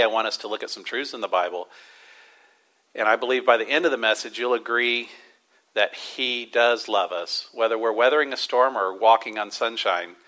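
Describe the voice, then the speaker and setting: A man preaching a sermon to a church congregation, stressing words with slow emphasis and then dropping to a quiet hush. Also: medium pitch, rough recording. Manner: emphatic preaching with drawn-out stresses and sudden soft drops. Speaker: pastor.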